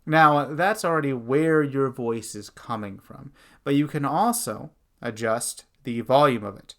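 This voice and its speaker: A young man as host and dungeon master, giving an animated lesson on character voices and demonstrating them. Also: measured pace. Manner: animated, shifts pitch and loudness to demonstrate voices. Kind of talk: instructional talk with voice demonstrations.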